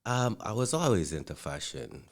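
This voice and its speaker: A man from Jamaica with a Jamaican accent, a designer being interviewed, telling stories at an easy pace with filler pauses. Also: lowish voice, very animated. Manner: easygoing storyteller, pauses with fillers. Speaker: guest, clothing designer. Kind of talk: interview talk.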